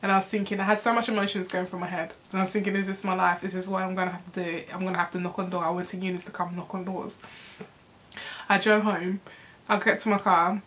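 A young woman tells a storytime to camera, casual and animated, acting out what people said and laughing often. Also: fairly low pitch, fast. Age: young adult. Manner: animated, acts out quoted voices, frequent laughs and "like". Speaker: vlogger.

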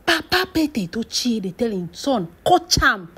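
A woman with a Nigerian Pidgin accent spins gossip like a drama, her voice husky and breathy at an everyday mid pitch. She draws out key phrases, slips into hushed whispers, then jumps up with sharp exclamations. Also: big pitch swings. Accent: Nigerian Pidgin English. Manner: emphatic, drawn-out phrases, whispered asides, sudden exclamations. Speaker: celebrity gossip commentator.

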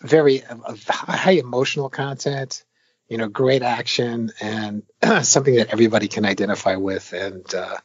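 Older guy rambling about making arcade games, husky, lots of um and you know, dull dry sound. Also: mid-range voice, normal speed, dry recording. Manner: rambling, many fillers, animated retelling of anecdotes. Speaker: veteran arcade game designer, guest. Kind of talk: casual interview talk.

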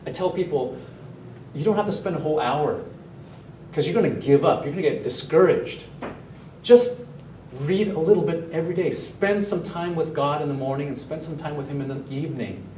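Pastor, male, mid-pitched, lively sermon delivery, recorded from a distance in a reverberant sanctuary with a faint hum. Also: brisk. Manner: animated, asks the congregation questions. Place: church sanctuary, also streamed online. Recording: roomy echo, mic at a distance.

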